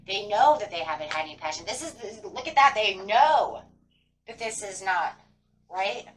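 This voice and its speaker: A woman's voice: medium pitch, lively intonation, normal speed. Woman, tarot reader, rambling, filler-heavy, mic a bit far off, faint background hiss. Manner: rambling, many fillers like "kind of". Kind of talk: casual tarot reading.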